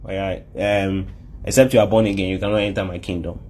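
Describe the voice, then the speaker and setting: A calm, all-knowing teacher speaks low and unhurried, as a preacher puts him on. His is soft and his tone gently firm. The voice sounds a little husky.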